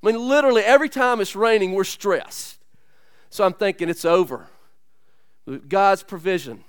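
Male pastor, earnest conversational sermon, bright clear tenor, dry close sound. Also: high voice, moderate pace, no room sound. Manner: earnest, conversational preaching with asides to the congregation. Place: church.

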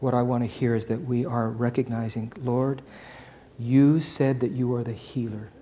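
Man preaching, loud then hushed. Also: medium pitch, little pitch movement, moderate pace. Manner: swings from loud impassioned preaching to hushed near-whisper. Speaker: pastor. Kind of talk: sermon.

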